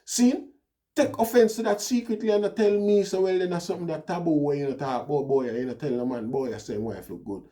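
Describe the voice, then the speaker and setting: His voice is on the high side and warm, and he speaks briskly. A Jamaican-accented vlogger, he rambles casually through a personal story, often throwing in "you know, see."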